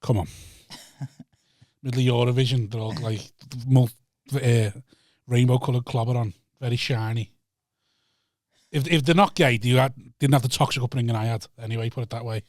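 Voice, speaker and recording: A man's voice: mid-range voice, fairly even intonation, normal speed, a little mellow, dry recording. A man trading blunt, sardonic banter as a podcast co-host. His voice sits in an ordinary middle register and sounds close and dry, with no room around it. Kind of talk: casual chat.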